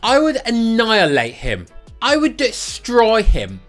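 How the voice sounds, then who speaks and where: A young man riffing through a crude comedy rant. His pitch swings widely, from loud bursts down to mutters. Faint music plays behind him. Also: measured pace. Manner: animated, crude, jokey. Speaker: YouTube host. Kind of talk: comedic monologue.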